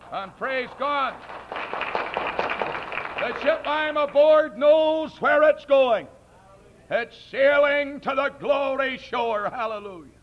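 A man preaches a fiery sermon in a strikingly high voice, mocking and thundering by turns. The old recording sounds dull and lo-fi. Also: gravelly. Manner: impassioned, mocking, bursts into shouts.

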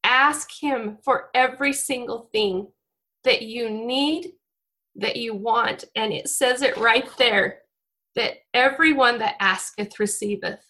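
Slowly and with a sharp tone, a woman of about forty speaks to her congregation in a fairly high voice. Her devotional talk is emotional and heartfelt; she's near tears and keeps restarting sentences.

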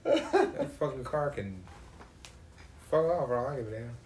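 A man in casual chat, telling profane, animated stories. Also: mid-range voice, unhurried, reverberant, a little hiss or hum.

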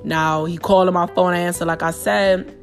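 A woman's voice: on the low side, a little fast, faint music behind. Blunt, profane New York woman ranting. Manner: blunt, profane, animated retelling with slang. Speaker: podcast host. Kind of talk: casual storytelling monologue.

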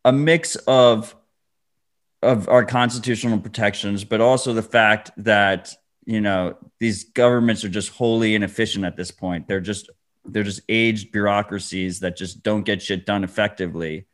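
A man's voice: lowish voice, steady tone, moderate pace. A man co-hosting a podcast, chatting casually and ranting in a laid-back way. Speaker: podcast co-host. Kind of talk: casual chat.

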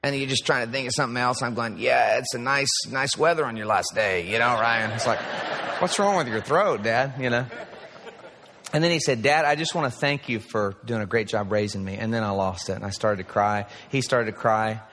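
A man's voice: medium pitch, a little fast, noisy background. A pastor in his forties preaching an earnest, story-driven sermon. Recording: played sermon recording with long reverb.

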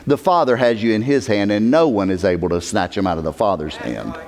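A man preaching a sermon as pastor, emphatic, repeating words for stress and swinging from hushed tones to near-shouting. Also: on the low side, animated, fairly quick, few pauses. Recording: long hall reverb.

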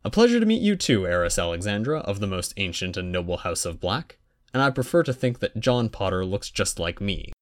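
A man's voice: fairly low pitch, very animated, a little fast. A man voicing a young boy wizard who answers with dry, patient reasoning.

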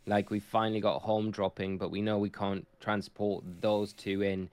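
Man, podcast co-host, eager, agreeable, smooth low-ish voice, dry close sound. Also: little pitch movement, no echo. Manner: eager and agreeable, quick to say yes. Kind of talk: casual podcast chat.

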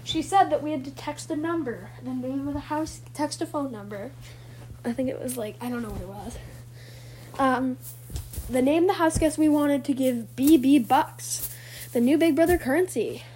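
Excitable fan vlogger, woman, high voice, rambling self-corrections, noisy home recording. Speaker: fan recapping a reality show. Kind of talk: excited casual vlog recap.

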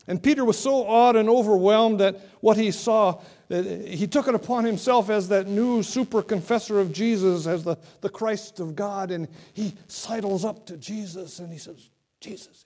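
A man preaching a sermon, dramatic and swinging from loud to hushed, often repeating words. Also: sits high.

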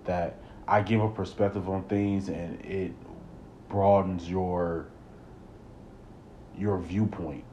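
Deep-voiced man hosting a solo podcast. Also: takes it slowly, long pauses, slight background noise. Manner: rambling, repeats words, rises into animated rants. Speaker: podcast host. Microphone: close podcast mic.

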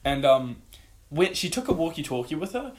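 A man's voice: fairly high pitch, sing-song, moderate pace. A young man, telling a spooky personal story on a casual podcast, rambling and swearing as he acts out the voices.

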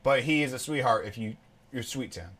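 Young male comedian co-host, loose rambling delivery, average pitch, unpolished chat. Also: fairly quick, a bit bright. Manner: rambling, laughs often, quotes people in put-on voices. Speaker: podcast co-host. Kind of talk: casual chat.

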